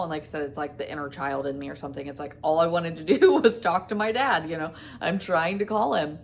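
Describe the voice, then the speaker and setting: A woman's voice: low voice, quick pace, few pauses. A woman vlogger casually retelling a frightening event, rambling and quoting dialogue with lots of fillers. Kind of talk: casual storytime.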